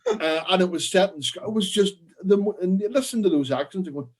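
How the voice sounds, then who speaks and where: A man co-hosting a live panel chat, spinning film anecdotes with casual swearing. His voice is husky and fairly high. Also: fast talker. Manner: swearing, animated anecdote teller. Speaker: podcast co-host.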